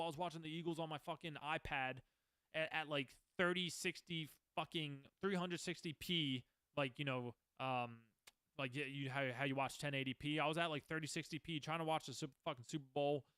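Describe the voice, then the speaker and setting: Young guy rambling thru his stories on his podcast, cusses a lot, smooth clear voice, dry close sound. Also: a little high, fairly bright tone, no room sound. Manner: rambling, swears a lot, restarts often. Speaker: podcast host. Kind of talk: casual storytelling monologue.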